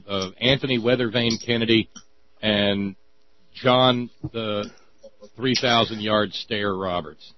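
A man's voice: lowish voice, no echo, dull audio. A man hosting a political radio talk show, sardonic and colorful in his speech. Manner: sardonic, colorful, quick-witted.

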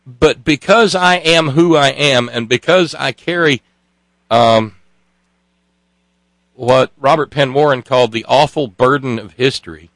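A man's voice: mid-range voice, fairly bright tone, dry recording, poor audio. A man co-hosting a casual chat, telling stories with frequent stops and restarts. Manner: halting storyteller with many restarts. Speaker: co-host.

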